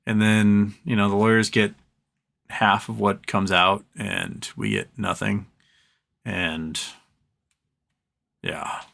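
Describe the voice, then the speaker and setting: A man's voice: fairly low pitch, little pitch movement, takes it slowly, creaky, long pauses, fairly bright tone. A man hosting a live stream from home, chatting casually, answering viewer comments and trailing off into rambles.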